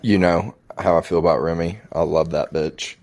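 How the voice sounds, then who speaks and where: Very deep-voiced young man, blunt. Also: steady tone, normal speed, darkish tone. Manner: blunt, heavy swearing. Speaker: podcast co-host. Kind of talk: casual chat.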